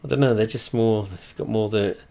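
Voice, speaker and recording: A video creator with a lowish, gravelly voice and a warm tone talks briskly with fairly even intonation. Playing a flight simulator, he rambles casually and swears heavily, staying blunt and chatty while often trailing off and restarting.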